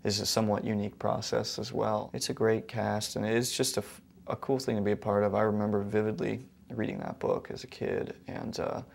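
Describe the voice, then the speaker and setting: A man's voice: on the low side, little pitch movement, a little fast, vocal fry, few pauses, a little mellow. A young male actor talking casually and thoughtfully in an interview, earnest with small hesitations.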